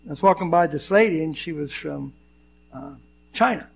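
High, gravelly older male pastor. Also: normal speed. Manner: animated storyteller, acts out dialogue. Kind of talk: sermon with personal storytelling.

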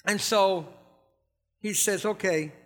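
A man with a notably high voice delivers a sermon. He keeps it loose and conversational, chuckling as he goes and checking in with the congregation. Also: slow, a bit bright. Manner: conversational, laughs often, asks the congregation questions. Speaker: preacher.

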